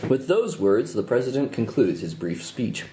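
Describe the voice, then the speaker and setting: Game master, male, lively storyteller with a mellow voice, echoey room. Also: mid-range voice, normal speed. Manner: lively storytelling with hesitant asides. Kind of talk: narrating a tabletop game. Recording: echoey room, faint noise.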